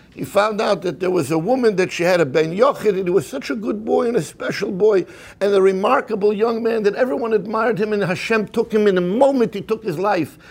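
Impassioned husky high-voiced man preaching. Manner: impassioned, stammering restarts, Hebrew and Yiddish terms. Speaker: speaker at a community program. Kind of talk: sermon-style lecture.

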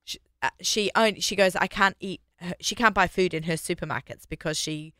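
A chatty woman with an Australian accent hosts a radio talk show. Her voice is bright and forceful. The studio sound is dry and close. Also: fairly low pitch, no echo. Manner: chatty, quick restarts and fillers. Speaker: radio host. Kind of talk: casual radio chat.

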